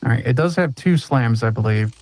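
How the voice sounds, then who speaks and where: A man narrates a tabletop role-playing session as game master, describing the action and handing out rulings. His voice is plain and mid-pitched, with an easygoing manner, and it is recorded close and dry with no room around it. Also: expressive, fairly quick, a little mellow, no room sound, poor audio.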